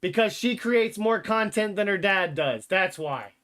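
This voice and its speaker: A man's voice: high-pitched, animated, a little slow, a bit bright. A man hosting a sports podcast, chatting casually with blunt, joking opinions and lots of rambling filler. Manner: rambling, filler-heavy talk with frequent "like" and "literally".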